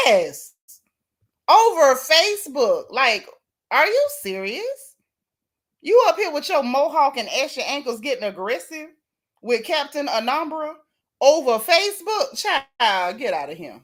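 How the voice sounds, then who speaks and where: Woman w/ aave doing a gossip livestream, kinda high voice, reading chat out loud all animated. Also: a little slow, long pauses. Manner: animated, reads chat comments aloud. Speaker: host.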